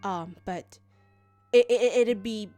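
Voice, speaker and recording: A woman's voice: medium pitch, slow, mellow, no echo, faint music behind, lightly acted. A woman voicing a stammering, embarrassed man. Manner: stammering, hesitant. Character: awkward, embarrassed young man.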